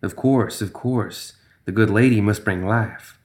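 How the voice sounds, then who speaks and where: A man's voice: on the low side, unhurried, a little mellow, lightly acted. A man voicing a sinister, hissing female creature who gambles greedily and repeats herself slyly. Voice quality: hissing, sly repetitions.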